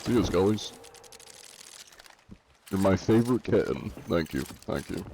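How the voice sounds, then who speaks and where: A man's voice: low-pitched, expressive, measured pace, dark tone, a little hiss or hum. A man streaming a pirate game live, reading viewer comments aloud and answering them in a joking, laid-back way. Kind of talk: casual live-stream chat while gaming.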